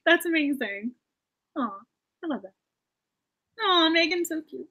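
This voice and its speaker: A woman's voice: sits high, lively intonation, measured pace, bright, forceful tone. A woman hosting a writing live stream, gushing and emotional, full of fillers and laughter. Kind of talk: casual live-stream chat.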